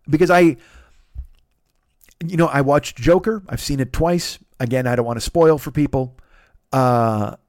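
A man's voice: high-pitched, no room sound, studio quality. A man in his forties hosting a comedy podcast, ranting in an exasperated, profane, rambling way with stammered restarts. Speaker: podcast host. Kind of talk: comedic rant.

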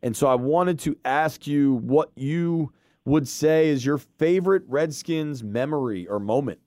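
A man hosting a sports podcast in easy, friendly chat, laughing often and tossing out "dude." His voice sits a bit high, and the sound is close and dry. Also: a little slow, darkish tone, no echo. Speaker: podcast host. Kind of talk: casual podcast interview.

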